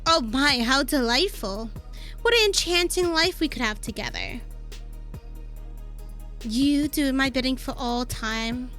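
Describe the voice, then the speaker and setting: A woman voicing a haughty, cruel and seductive vampire mistress from a game, speaking in a grand, mocking, drawn-out way. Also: high-pitched, sharp tone, faint music behind. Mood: delighted.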